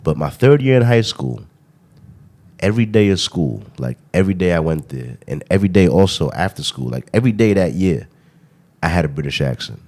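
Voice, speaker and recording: A young man from Brooklyn with a New York accent hosts a casual podcast chat. He talks fast in a fairly low voice, swears freely and keeps checking in with "you know what I mean" as he tells his stories. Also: big pitch swings, a little mellow. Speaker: podcast host.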